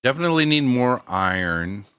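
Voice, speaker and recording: Middle aged dude streaming, slangy n chill, bright voice, lively ups and downs. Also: male voice, medium pitch, normal speed, smooth, no room sound, clean studio sound. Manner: laid-back slangy, laughs a lot. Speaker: game streamer. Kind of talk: casual live-stream chat.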